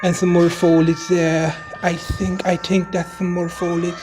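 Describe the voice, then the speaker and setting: A man's voice: high voice, monotone, unhurried, music in the background. A man doing a jokey mock-Irish narrator. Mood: amused. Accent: put-on Irish. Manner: wry running commentary, chuckling, mutters "Jesus" a lot. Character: jokey male narrator with a put-on Irish lilt. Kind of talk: mock silent-movie voiceover.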